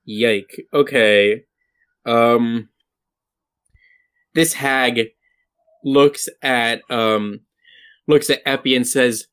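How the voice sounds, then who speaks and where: A man running a tabletop game as game master, talking in a halting way full of ums. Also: mid-range voice, fairly even intonation, a bit bright, clean tone.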